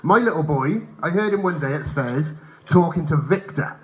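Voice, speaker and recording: Male stand-up, animated and profane storyteller, bright lively delivery, dull live sound. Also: a little high, normal speed. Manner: animated, profane, acts out characters. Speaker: stand-up comedian. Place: hotel function room stage. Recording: dull live recording, faint ambience.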